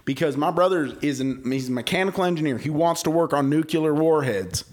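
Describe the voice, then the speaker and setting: Man musing slowly, slightly high voice. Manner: drawn-out, speculative storytelling with Southern slang. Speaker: podcast co-host. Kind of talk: casual chat.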